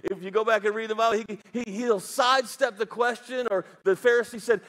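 A man's voice: sits high, fairly quick, few pauses, fairly bright tone. A man preaching a sermon as pastor, telling a Bible story with jokes, asides and put-on voices.

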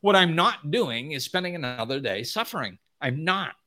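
A man's voice: very animated, normal speed, pushed and bright. Blunt, emphatic man giving a spiritual talk. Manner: blunt and emphatic, often acts out whiny high-pitched voices. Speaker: spiritual teacher. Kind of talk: unscripted motivational talk to an audience.

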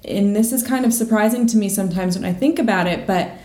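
A woman's voice: mid-range voice, fast, mellow. A woman interviewer asking thoughtful questions and sharing her own experiences. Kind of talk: conversational interview. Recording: roomy echo.

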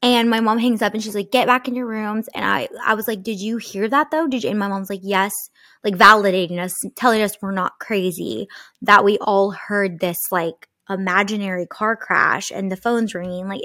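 A woman's voice: mid-range voice, steady tone, moderate pace, fairly bright tone, dry recording, studio quality. A young woman casually telling a personal ghost story, chatty, full of fillers and swearing.

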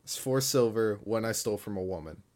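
A man's voice: lowish voice, fairly quick, darkish tone. A young man hosting a casual chat, crude and joking, often laughing. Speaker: podcast host.

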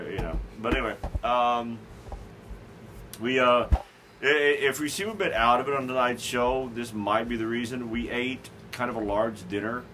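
A man's voice: medium pitch, a bit bright, slight background noise, poor audio. Rambling, stammering male show host. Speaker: podcast host. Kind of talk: casual chat.

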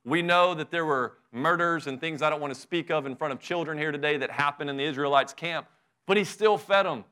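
A middle-aged man preaching a sermon, his voice bright and forceful and a little higher than most men's. He talks to the congregation conversationally, firing off rhetorical questions and pressing his points with fervor. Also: brisk, clear, resonant tone. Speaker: pastor.

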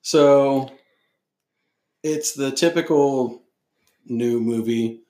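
A man co-hosting a casual podcast, retelling film scenes in a profane, animated way. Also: medium pitch, drawn-out words. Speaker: podcast co-host. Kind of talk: casual chat. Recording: roomy echo.

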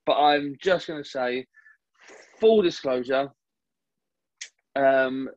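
A man's voice: mid-range voice, slow, no echo, lo-fi sound. A man hosting a casual solo podcast from home, talking frankly and rambling a little. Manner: rambling, self-aware, frank. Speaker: podcast host. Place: home, at night. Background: neighbour's car revving.

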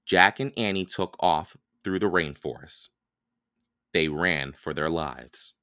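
Slow, deep-voiced man reading a storybook. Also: pushed and bright, dry recording, studio quality. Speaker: podcast reader. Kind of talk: reading a children's chapter book aloud.

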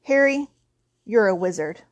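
A towering, hot-tempered half-giant man booms and growls his lines, as a woman reads him aloud. He sounds big-hearted but easily roused to indignation, a storybook giant. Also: lively intonation, measured pace, muffled recording, natural voice. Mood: hearty. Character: huge gruff male half-giant groundskeeper, hot-tempered.

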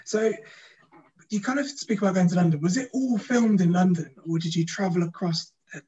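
Guy asking questions, higher husky voice, kinda dull lo-fi sound. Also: fairly quick, dark tone. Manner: brief backchannel, easygoing questions. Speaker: interviewer. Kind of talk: casual interview.

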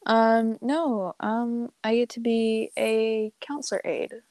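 A woman's voice: fairly high pitch, steady tone, slow, darkish tone, no room sound. A young woman in her teens telling a story in casual chat, rambling with lots of fillers and laughs. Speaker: podcast co-host.

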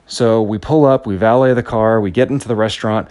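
A man's voice: lowish voice, fairly even intonation, a little fast, a little mellow, clear, resonant tone, no echo. Earnest man telling a personal story. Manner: earnest, anecdotal, with frequent restarts.

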